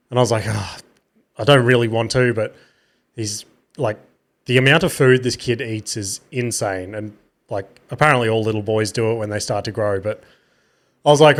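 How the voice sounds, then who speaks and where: A man's voice: fairly low pitch, fairly even intonation, normal speed. Tired Australian man hosting a podcast. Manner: rambling, swears casually, self-mocking. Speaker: podcast host. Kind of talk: casual solo storytelling.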